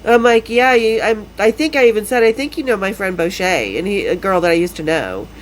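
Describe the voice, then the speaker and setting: A woman's voice: mid-range voice, lively intonation, fairly quick, poor audio. Woman in her fifties, from Utah, podcast host telling stories casually, frank and profane, slight background noise. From Salt Lake City, Utah. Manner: blunt, profane, laughs often. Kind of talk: casual storytelling.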